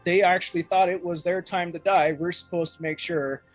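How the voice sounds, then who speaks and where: A man's voice: high-pitched, fairly even intonation, moderate pace, dry recording, soft background music. A man playing a tabletop game, earnest and partly speaking in character. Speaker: player. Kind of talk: casual tabletop play.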